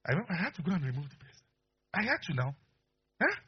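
A male pastor preaching with a husky, slightly high voice. He tells stories with lively animation and often breaks into laughter. The recording sounds dull and lo-fi. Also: quick pace. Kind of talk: sermon.

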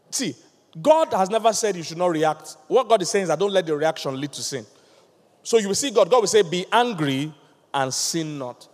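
Man preaching in a reverberant hall, high and lively, plays out dialogue. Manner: animated, acts out voices, laughs with the congregation. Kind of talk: sermon.

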